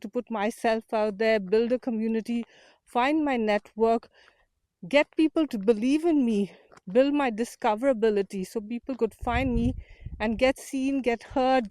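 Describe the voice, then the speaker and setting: A woman's voice: on the high side, darkish tone, no echo. Woman vlogging on an uphill walk outside, kinda breathless, earnest motivational talk, close dry mic. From India. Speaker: community founder and host. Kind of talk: unedited walk-and-talk vlog. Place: outdoors on a walk, windy. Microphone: small portable mic.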